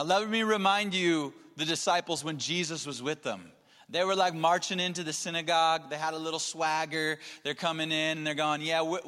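A man preaching with a bright, forceful voice that carries a long hall reverb. He drops into hushed, breathy near-whispers, then builds to emphatic, louder passages. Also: fairly high pitch. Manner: shifts between soft near-whispers and emphatic raised passages. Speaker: pastor. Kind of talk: sermon.

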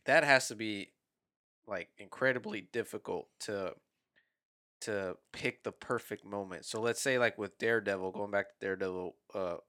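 A man with a bright, sharp-edged voice, talking in a rambling, profane way and restarting his sentences often during a casual chat. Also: on the low side, normal speed.

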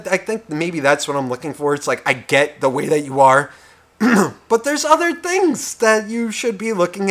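A young man co-hosting a podcast, ranting in a profane, heated way, swinging between loud outbursts and whispers. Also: a little high. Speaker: podcast co-host. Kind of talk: casual podcast rant.

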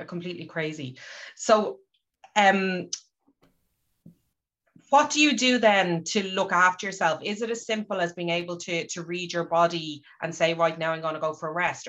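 A woman's voice: lowish voice, a bit bright. A woman hosting a podcast, asking open questions in a supportive way. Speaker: podcast host. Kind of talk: interviewing.

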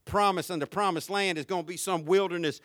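A very high-pitched male preacher with a bright, forceful tone, talking conversationally and then building up to shouted peaks. The sound is close and dry, with no room echo. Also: fairly even intonation, fast. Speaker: pastor. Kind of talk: sermon.

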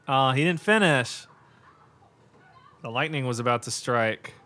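A man of middle pitch talks through a horror film as it plays, in a loose, unscripted way. He gasps, swears and laughs as the action unfolds, with plenty of "like" and "God" between his thoughts. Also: unhurried, pauses often. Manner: excitable, reacts aloud with frequent laughs and exclamations; casual and profane, with lots of fillers like "like" and "God". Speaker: podcast host. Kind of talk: live movie watch-along commentary.

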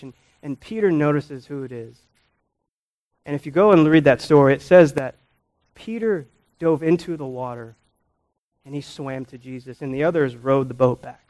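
A male pastor delivering a sermon in a church sanctuary, his voice slightly high. He is emphatic, swinging from loud stresses down to hushed passages, and often restarts his words. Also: normal speed.

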